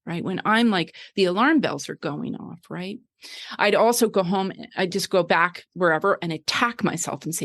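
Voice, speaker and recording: A middle-aged woman talks things through in a lower voice, animated and chatty, tagging her points with "right?". She explains the way a coach would in a relaxed conversation. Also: normal speed. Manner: animated, many "right?" tags and fillers. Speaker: guest, wellness coach.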